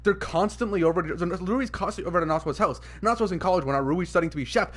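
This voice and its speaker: A young man with a notably high voice talks to his stream chat. He rants in a casual, profane and animated way, swinging into loud outrage. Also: quick pace, few pauses.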